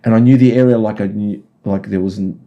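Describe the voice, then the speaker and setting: A man speaks as a podcast guest in a casual, rambling way, giving direct advice. His voice sits a little low and sounds mellow and relaxed. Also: fast, dull audio. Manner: acts out voices in anecdotes. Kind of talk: casual chat.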